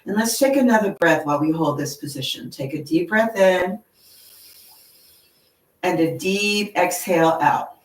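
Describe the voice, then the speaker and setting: A woman leading a yoga class, gently talking students through stretches and breathing and checking in with "okay?". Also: lowish voice, expressive, reverberant, recorded from a distance, rough recording. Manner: slow, gentle and encouraging, with frequent "okay?". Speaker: yoga instructor. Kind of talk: guided yoga class instruction. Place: yoga studio.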